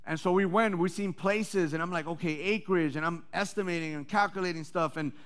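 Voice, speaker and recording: A male pastor preaching a sermon, swinging between loud rallying calls and low, confiding asides. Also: a little fast, clear, resonant tone.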